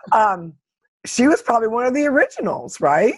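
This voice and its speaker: A woman interviewing a guest, asking questions and offering gentle, supportive interjections. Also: a little high, big pitch swings, normal speed, breathy edge, poor audio.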